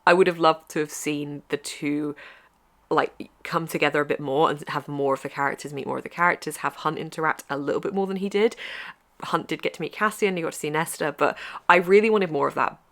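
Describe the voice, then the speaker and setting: A woman's voice: low-pitched, brisk, fairly bright tone. A young woman chatting enthusiastically in a casual book review vlog, gushing and laughing often. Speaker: book vlogger.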